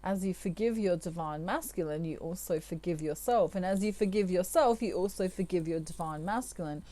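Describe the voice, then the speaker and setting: A woman, a tarot reader, giving spiritual advice to her viewers in a chatty, gentle way with asides. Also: fairly low pitch, a little fast.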